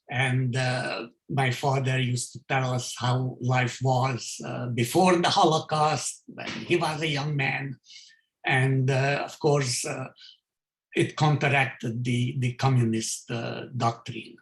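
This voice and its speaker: An older man from Hungary giving his survivor testimony, speaking haltingly with many fillers and restarts. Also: mid-range voice, steady tone, a bit bright. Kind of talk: testimony in a video call talk. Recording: roomy echo.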